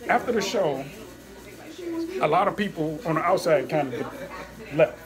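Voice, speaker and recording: A man, a comedian, telling an animated story in an interview after a show, acting out voices and laughing often. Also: fairly high pitch, moderate pace. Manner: lively, acts out quoted voices, laughs often. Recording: busy crowd noise behind.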